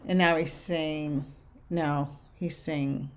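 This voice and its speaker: A young adult woman medium giving spirit messages to viewers in a casual live chat, halting and soft-spoken. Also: deep voice. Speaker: medium answering viewer questions.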